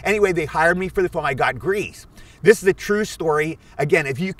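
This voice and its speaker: A man in his sixties tells stories fast and eagerly, his voice a bit higher than most men's. He sits back from the microphone, so the sound is distant and open. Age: 60s. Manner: animated, eager storyteller. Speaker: actor guest. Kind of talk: anecdotal storytelling. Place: outdoors at a film location.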